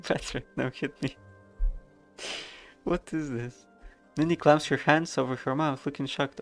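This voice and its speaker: A man narrates a game live, reading its text and adding dry, offhand remarks. His voice is gravelly and creaky, and faint game music plays underneath. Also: fairly high pitch, steady tone, unhurried, long pauses. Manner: wry, casual, reads narration aloud. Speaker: streamer.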